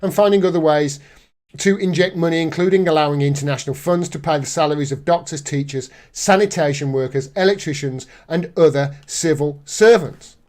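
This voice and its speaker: A man's voice: on the high side, a little fast, a little mellow. A man hosting a live political commentary stream, reading news aloud and reacting with indignant sarcasm.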